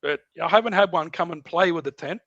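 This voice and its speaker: A middle-aged Australian podcast guest tells a story in casual chat, animatedly acting out voices and sounds. He talks a little fast in a fairly high voice. The recording is dry, with the highs cut off.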